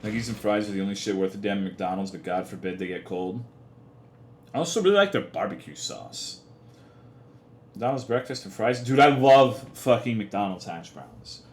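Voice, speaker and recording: A man's voice: on the low side, animated, normal speed. A young man livestreaming, chatting casually with his chat in profane, rambling, half-joking rants. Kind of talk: casual live-stream chat. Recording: echoey room.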